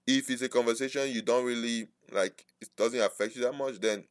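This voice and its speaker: A man's voice: medium pitch, fairly even intonation, a little fast, clear, resonant tone, no echo. A man talking casually to his viewers, rambling and correcting himself as he goes. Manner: rambling, self-correcting, mimics interruptions. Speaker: trading streamer. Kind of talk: casual talk to camera.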